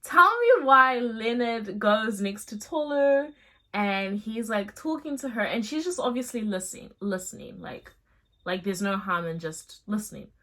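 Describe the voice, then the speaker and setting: A young adult woman vlogger casually telling a storytime tale, chatty and animated, with slangy asides. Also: fairly high pitch, measured pace.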